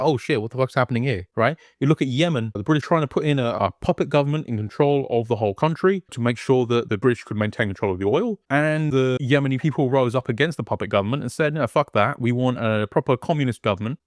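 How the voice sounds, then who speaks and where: A heated man rants in casual, profanity-laden talk as he hosts his own video essay. His voice sits at an ordinary middle pitch and is recorded close and dry, with no room echo. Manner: heated, profane, swears constantly.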